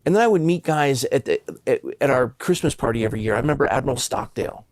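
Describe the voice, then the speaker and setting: Man in his fifties, pastor, earnest and impassioned storytelling, mid-pitched voice, dry close sound. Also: lively intonation, fast, darkish tone, no echo. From Southern California. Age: 50s. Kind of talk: personal storytelling in an interview.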